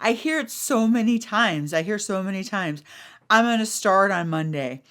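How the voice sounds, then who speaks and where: Over loud music, a middle-aged podcast host talks at a moderate pace in a medium, animated voice. Her casual chat is blunt and lively, full of swearing and impressions of what others said.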